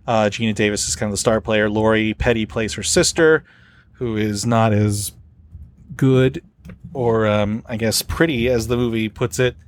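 A man's voice: fairly low pitch, fairly even intonation, moderate pace, a little hiss or hum. A man hosting a casual podcast chat, rambling with many fillers as he tells stories. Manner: rambling, filler-heavy storytelling. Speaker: podcast host.

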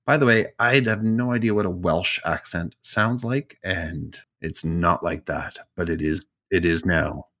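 A man's voice: low-pitched, unhurried, hardly any pauses, a bit bright. Chatty man retelling odd stories. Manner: summarizes stories loosely with asides and jokes. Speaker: podcast co-host telling stories. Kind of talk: casual storytelling chat.

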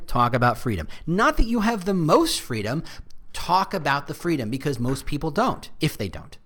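A man hosting a podcast, explaining ideas in casual, conversational talk with lots of asides. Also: fairly high pitch. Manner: animated, conversational marketing explainer. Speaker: podcast host.

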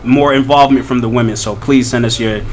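A man co-hosting a podcast in casual, animated chat, laughing and teasing his friends. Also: mid-range voice, fast, a little hiss or hum. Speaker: podcast co-host.

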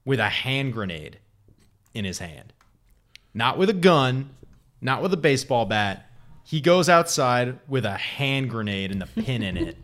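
Low-voiced man, laughing and chatty. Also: fairly bright tone. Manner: joking, storytelling, laughs often. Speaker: podcast co-host. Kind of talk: casual sports chat.

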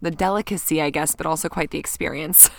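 Low-voiced woman in a dry room. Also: fairly even intonation, fast, gravelly, no room sound. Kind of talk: casual chat.

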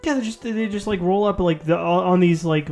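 Wry higher-voiced man joking. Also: a little mellow, faint music behind. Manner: wry, quick jokes and exasperated rants. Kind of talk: casual chat.

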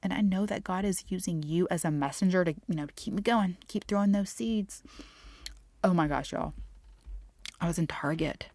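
A middle-aged woman, a Christian nutritionist, talking candidly on her podcast, often dropping to soft near-whispers. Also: fairly low pitch, moderate pace, dry recording. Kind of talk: casual faith-based podcast monologue.

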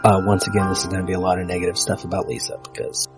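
A man's voice: sits low, level tone, very fast, loud music behind the voice, poor audio. A man hosting a podcast in casual chat, wryly reading out his notes. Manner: wry, reads out screening notes. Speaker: podcast host.

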